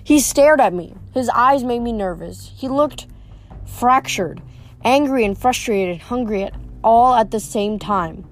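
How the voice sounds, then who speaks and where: A woman's voice: a little high, a little slow. A woman reading a novel aloud, with frequent slips and restarts. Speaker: reader.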